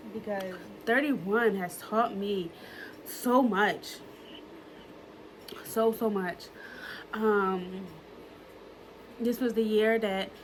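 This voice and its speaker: A woman's voice: medium pitch, slight background noise, poor audio. A woman, talking in an earnest, emotional way in a personal reflection vlog, using plenty of fillers and repeating herself. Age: early 30s. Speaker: vlogger.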